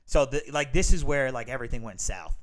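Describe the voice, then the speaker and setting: A man's voice: medium pitch, expressive, fairly quick. A young man with a Long Island accent, co-hosting a podcast and telling rambling, profane stories full of fillers. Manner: rambling, swears a lot, many fillers. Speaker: podcast co-host. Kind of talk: casual storytelling chat. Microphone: home studio mic.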